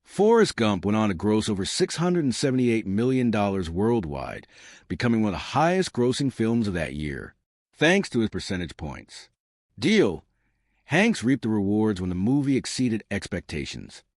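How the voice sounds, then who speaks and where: A man's voice: on the low side, very animated, moderate pace, a little mellow, no echo, clean studio sound. A man reading scripted narration for a countdown list video.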